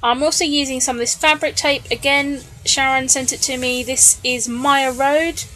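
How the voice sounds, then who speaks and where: Woman, slightly high voice, tired late-night voice-over narrating her own craft video, chatty with ums. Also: normal speed. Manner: chatty, relaxed, with many ums and little laughs. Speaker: scrapbooking vlogger. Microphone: voice-over recorded separately from the video.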